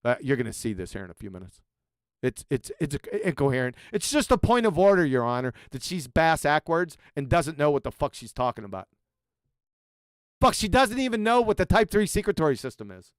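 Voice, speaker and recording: Ranting, insulting man with a smooth voice. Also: a little high, big pitch swings, brisk, no echo, studio quality. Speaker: live stream host reacting to clips. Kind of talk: profane mocking commentary.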